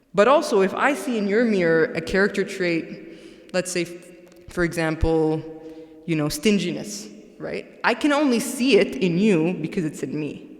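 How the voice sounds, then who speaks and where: A woman giving a religious talk to a congregation, conversational, often checking in with "right?". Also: lowish voice. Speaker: guest speaker. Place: large mosque hall. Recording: echoey hall with long reverb.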